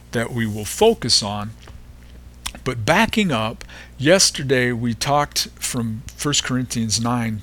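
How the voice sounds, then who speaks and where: A man hosting a devotional podcast, reading and explaining Bible verses in an unhurried way, pausing often and stressing repeated words. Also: lowish voice, sharp tone. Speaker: podcast host teaching the Bible.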